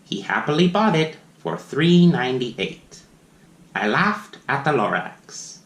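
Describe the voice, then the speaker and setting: A man's voice: mid-range voice, sing-song, slow pace, a bit bright. A man reads a rhyming children's book aloud, his voice swooping widely up and down. He takes his time and stops for playful asides to his young listeners. The sound carries a roomy echo. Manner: sing-song rhyming reading with playful asides. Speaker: children's story reader.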